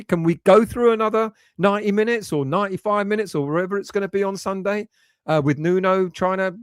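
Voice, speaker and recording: A middle-aged man hosting a casual live stream, reading out chat and talking emotionally and excitably about his team's fate. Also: high voice, no echo, studio quality. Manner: emotional, excitable, swings between nervous and resigned. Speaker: fan channel host reading chat.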